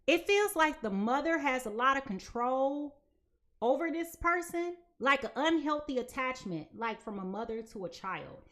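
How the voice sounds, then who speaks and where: A young adult woman talks through a live tarot reading to her viewers. Her voice sits high and swings widely in pitch, and she keeps it chatty and animated, acting out quoted voices along the way. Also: moderate pace. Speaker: tarot reader.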